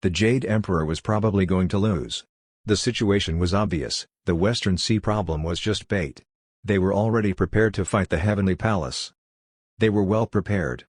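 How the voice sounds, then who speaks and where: A man reading a fantasy audiobook as narrator in a steady, even storytelling delivery. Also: sits low, moderate pace, dry recording, clean studio sound. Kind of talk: scripted narration.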